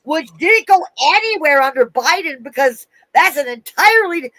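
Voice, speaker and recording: A woman's voice: high-pitched, expressive, bright, forceful tone, no room sound, poor audio. A woman ranting angrily in casual talk, swearing heavily and breaking off and restarting her sentences. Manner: fast restarts and trailing-off sentences. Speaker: vlogger. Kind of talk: angry casual rant.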